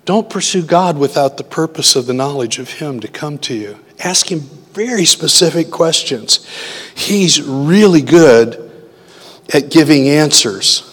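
A man's voice: a little high, expressive, unhurried, a bit bright, breathy edge. A man preaching a sermon in a conversational way, often asking his listeners questions. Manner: conversational, asks the audience questions. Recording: long hall reverb.

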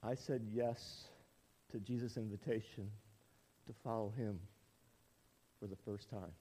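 A man's voice: fairly low pitch, a little slow. A male pastor in his forties preaching a storytelling sermon in a church, acting out quotes as he goes. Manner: animated storytelling, acts out quotes.

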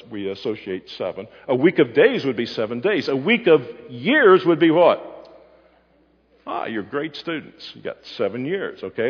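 A man's voice: medium pitch, husky. Man teaching a sermon, echoey hall. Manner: asks the audience questions and answers them. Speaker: preacher. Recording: muffled hall recording with long reverb.

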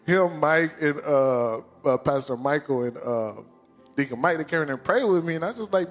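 Pastor, male, emotional and excitable sermon, faint music underneath. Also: fairly high pitch, moderate pace, long reverb tail. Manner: emotional, excitable, laughs often.

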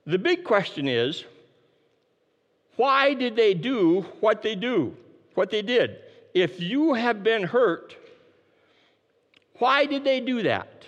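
A man preaching a sermon, emphatic and repeating his key phrases, dropping his voice low to stress a point. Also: very animated, slow pace, long pauses, fairly bright tone, big-room sound, lo-fi sound. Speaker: pastor.

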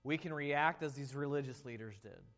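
A man preaching a sermon as a pastor, slow and deliberate, rising to an impassioned pitch before quieting into prayer. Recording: long reverb of a large hall.

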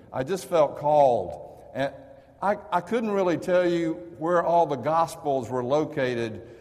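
A man preaches a sermon, drifting into easygoing stories and stumbling over the starts of his sentences. His voice sits at an ordinary middle pitch. A long reverb trails each phrase, as in a large hall. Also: darkish tone. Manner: storytelling, conversational with restarts. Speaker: pastor.

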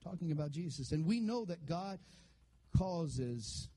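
A man's voice: a little high, lively intonation, measured pace, dark tone. A male pastor preaching a sermon, joking and leading call-and-response with the congregation.

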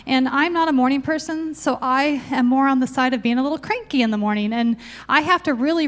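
A woman giving an informal Bible teaching, chatting casually and reading scripture aloud from her notes. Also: high-pitched.

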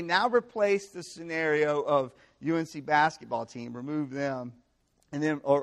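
Animated young male preacher, gravelly. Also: on the high side. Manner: animated, conversational preaching with rhetorical checks. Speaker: campus pastor. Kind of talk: sermon to college students.

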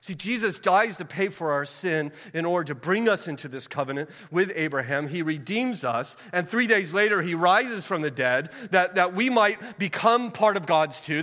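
A man preaching a sermon as pastor, asking the congregation questions and moving between fervent calls and hushed prayer. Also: high voice, big-room sound. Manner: asks the congregation rhetorical questions.

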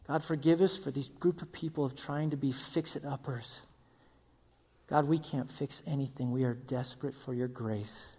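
A man's voice: mid-range voice, fairly even intonation, normal speed, darkish tone, slightly rough. A man preaching a sermon as pastor, voicing his listeners' questions and closing in prayer. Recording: long reverb of a hall.

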